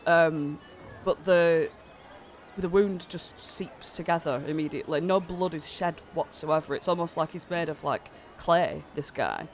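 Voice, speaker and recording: A man's voice: fairly high pitch, measured pace, a little hiss or hum. A man narrating as game master of a tabletop game, rambling with lots of fillers while he has a cold.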